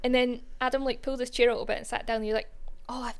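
A woman's voice: fairly high pitch, level tone, rapid-fire, clear, resonant tone. A woman co-hosting a podcast, telling a story in casual chat and filling her talk with "like". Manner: chatty, says "like" a lot. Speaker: podcast co-host.

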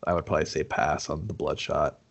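Speaking fairly quickly in a rumbling low, steady voice with vocal fry, this man co-hosts a relaxed podcast conversation about movies. He swears freely, stays easygoing, and laughs a lot.

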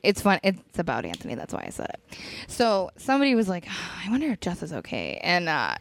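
A woman's voice: fairly low pitch, huge pitch swings, fairly quick, vocal fry. A young woman from Western New York, co-hosting a podcast and telling a story in a casual, profane way among friends. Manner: storytelling, swearing freely, acting out quotes. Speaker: podcast co-host.

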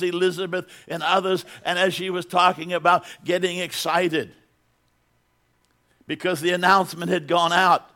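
A man's voice: high-pitched, bright, forceful tone. A middle-aged man preaching a sermon as pastor in a church, building to emphatic bursts and repeating words as he goes.

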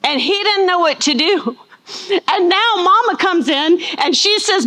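A woman's voice: extremely high pitch, a little slow. A middle-aged woman teaching a Bible lesson, telling stories and acting out the people she quotes. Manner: animated storytelling, acts out quoted voices. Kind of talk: sermon.

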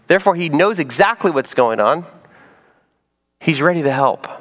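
A man preaching a sermon as pastor, animated and playful, dropping to soft emphasis on key points. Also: fairly high pitch, normal speed.

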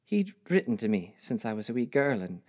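Older woman performing a reflective life-story monologue; expressive, rising and falling pitch. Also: a little fast, no echo. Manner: wistful, reflective storytelling with wry asides. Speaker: narrator. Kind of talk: dramatic monologue.

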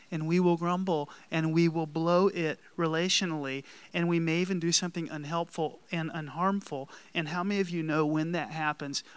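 Bright, crisp-voiced man preaching. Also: on the high side, no room sound. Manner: conversational preaching, building emphasis, laughs at himself. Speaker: pastor. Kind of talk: sermon.

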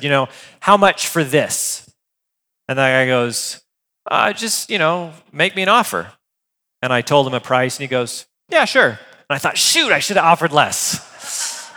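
A man preaching a sermon in a conversational, animated way, reading scripture and then explaining it with everyday asides. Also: medium pitch, in a large hall. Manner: conversational, animated, with filler words and restarts. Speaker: pastor.

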